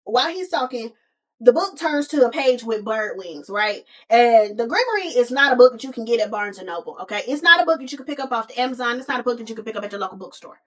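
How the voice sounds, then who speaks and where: Animated, sassy woman podcast host. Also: on the high side, fast talker. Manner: animated, sassy, calls listeners honey and baby. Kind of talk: casual movie recap.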